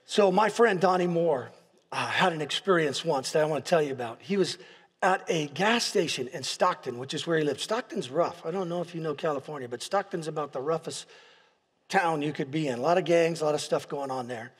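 A pastor preaching a sermon in a large church hall, telling stories with restarts and repeated words and building to impassioned peaks. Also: male voice, on the high side, brisk, husky. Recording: long hall reverb.

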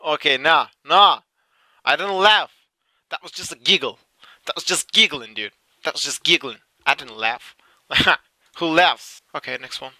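A man's voice: a little high, bright, forceful tone. A young man giving casual reaction commentary, swearing often and insisting he is not laughing while giggling. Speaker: streamer reacting to clips.

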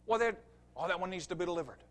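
A middle-aged man preaching a revival sermon, swinging from quiet asides to loud emphatic preaching. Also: high voice, animated, very fast.

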